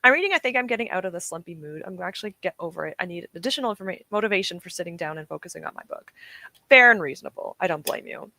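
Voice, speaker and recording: A woman's voice: fairly low pitch, lively intonation, very fast, creaky, sharp tone, no echo. A young woman streaming from home, chatting casually and encouragingly with her live chat, often laughing. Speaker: streamer hosting reading sprints.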